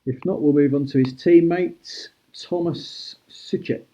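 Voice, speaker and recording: A man hosting a live-stream auction, chatty and brisk as he calls out prices and thanks bidders. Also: on the high side, steady tone, mellow, muffled recording. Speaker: host auctioning cards.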